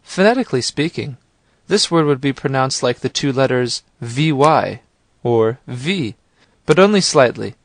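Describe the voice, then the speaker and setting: Guy narrating a language lesson, calm clear instructions, dry close mic. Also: mid-range voice, normal speed, no room sound. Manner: calm, clear and guiding, prompts the listener.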